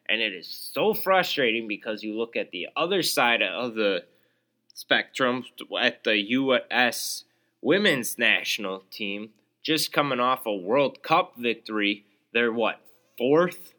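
A man's voice: medium pitch, pushed and bright. A young man hosting his own podcast alone, ranting in an exasperated, sarcastic way with lots of fillers and restarts. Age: young adult. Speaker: podcast host.

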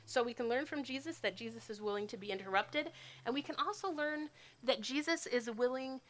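A woman's voice: on the high side, fairly quick, fairly bright tone. A woman giving a sermon in a casual, conversational way. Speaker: speaker.

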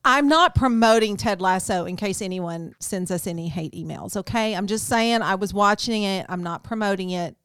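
A woman's voice: mid-range voice, moderate pace, few pauses, fairly bright tone, clear, resonant tone, no room sound, clean studio sound. A woman co-hosting a casual chat podcast, joking and laughing often. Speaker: podcast co-host.

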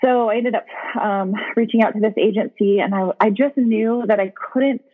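A woman with a husky voice, a podcast guest frankly telling her personal story in conversation. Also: fairly high pitch, normal speed. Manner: frank, blunt, with occasional swearing. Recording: tinny phone-like line.

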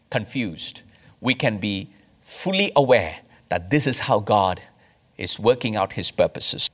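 A man from India, a pastor, preaching a sermon with emphatic rises and slow, stressed phrases. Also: mid-range voice, fairly bright tone.

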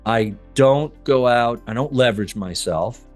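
Middle-aged guy on a podcast, lively storyteller, acts out both sides of the chat, mid-pitched voice. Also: unhurried, faint music behind. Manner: animated, acts out conversations. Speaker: podcast guest. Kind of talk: casual storytelling.

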